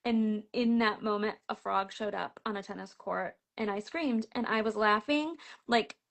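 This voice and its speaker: A middle-aged woman, a picture book author, chatting as a guest and telling an animated story full of "like" fillers and laughter. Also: mid-range voice, moderate pace, creaky. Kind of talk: casual chat.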